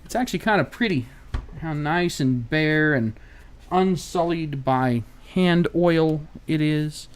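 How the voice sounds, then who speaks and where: A fairly high-pitched American man talks through a laptop repair on a live stream. He is offhand and wry, swears now and then, and thinks out loud between tasks. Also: slow pace, slight background noise. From United States. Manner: casual, wry and profane, thinking aloud while working.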